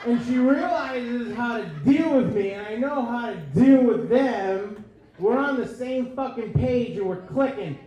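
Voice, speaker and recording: A man doing stand-up comedy, with a profane rant style and shouted bursts, acting out dialogue. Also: very high-pitched. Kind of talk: stand-up set. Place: comedy club stage. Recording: echoey club with crowd laughter. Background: audience laughing.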